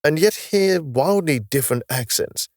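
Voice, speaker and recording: A man voicing a calm, knowledgeable male space officer from the far future who patiently explains his world with a wry touch. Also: fairly high pitch, normal speed, no echo, clean studio sound, pitched above the performer's own voice. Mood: explaining.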